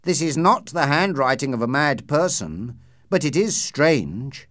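Male reader voicing a keen, deferential clerk, pitched high and very lively, dry sound. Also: a little slow, dry recording. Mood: polite. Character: eager, polite male head clerk. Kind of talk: audiobook character reading.

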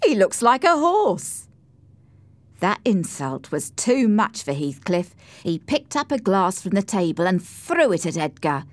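A woman narrating a storybook in the first person, slow, clear and expressive. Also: fairly low pitch, no room sound. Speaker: audiobook narrator.

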